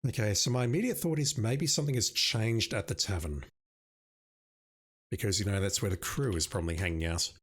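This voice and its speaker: A man's voice: on the low side, brisk, breathy edge. A man playing an old adventure game and commenting with wry, self-mocking asides. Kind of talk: let's play commentary.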